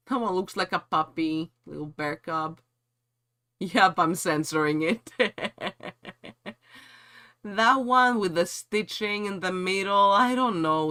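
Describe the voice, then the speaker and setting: A man's voice: high voice, bright, forceful tone. A man streaming a game and chatting casually with his viewers in a playful, giggly way.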